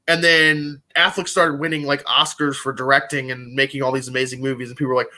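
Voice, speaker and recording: A man's voice: fairly high pitch, quick pace, hardly any pauses, sharp tone. A young man co-hosting a live podcast, chatting casually and rambling with lots of "like". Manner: rambling, heavy use of "like". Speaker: podcast co-host. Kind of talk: casual chat about a trivia competition.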